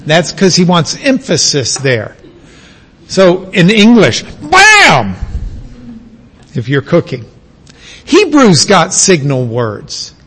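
A man preaching a sermon to a congregation, teaching at an easy pace and bursting into loud shouted exclamations for emphasis. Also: a little high, big pitch swings, slow pace, slightly rough, poor audio. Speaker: pastor.

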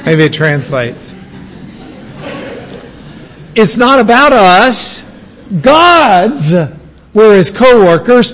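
A man's voice: high-pitched, very animated, extremely slow, pauses often, a bit bright, big-room sound. A man from the United States giving a classroom lecture on biblical languages, emphatic and repeating key words for stress.

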